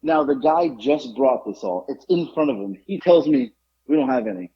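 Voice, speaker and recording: A man hosting a podcast, telling a story in an animated, exasperated way over dull lo-fi audio. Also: mid-range voice, moderate pace, breathy edge. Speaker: podcast host. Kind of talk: casual chat, storytelling.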